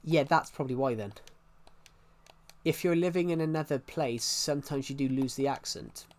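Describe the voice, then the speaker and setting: A man's voice: mid-range voice, moderate pace. A man streaming a game and chatting casually with his viewers, answering their questions. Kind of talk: casual livestream chat.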